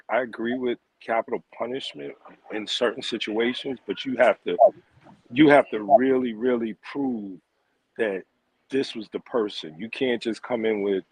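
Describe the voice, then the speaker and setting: Male panel guest, low voice, halting delivery full of fillers. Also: breathy edge, no echo, low-quality recording. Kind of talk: panel discussion.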